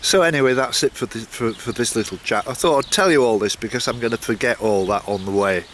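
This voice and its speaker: A man's voice: medium pitch, fast, fairly bright tone, a little hiss or hum. Rambling, chatty older man vlogging. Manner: rambling, chatty, frequent restarts and asides. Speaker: walking vlogger. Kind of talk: casual vlog chat.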